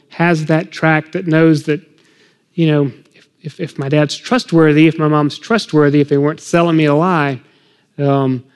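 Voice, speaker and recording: A man's voice: a little high, darkish tone, big-room sound. A middle-aged man talking earnestly about parenting and faith, acting out short conversations with a child. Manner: earnest, emotional, acts out parent-child dialogue. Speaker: guest speaker on parenting.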